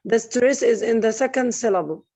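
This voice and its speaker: A woman's voice: a little high, moderate pace, warm tone. Hesitant woman student. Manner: hesitant, searching for words. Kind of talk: answering in class. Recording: dull lo-fi call audio.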